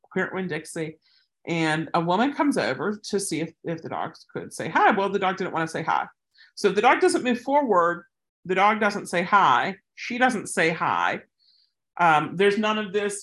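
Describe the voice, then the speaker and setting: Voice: sing-song, normal speed, fairly bright tone. A dog trainer giving casual training tips mixed with anecdotes, talking in a chatty way and acting out the people in the stories. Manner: chatty, acts out quoted people with big pitch jumps.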